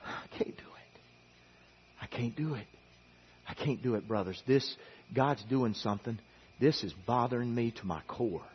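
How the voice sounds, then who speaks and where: A man doing a hushed, broken mourner. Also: medium pitch, normal speed, pauses often, dull audio, slight background noise, pitched below the performer's own voice, close to an everyday voice. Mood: anguished. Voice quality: hushed, near-whispered. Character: grieving man, quietly broken, refusing food.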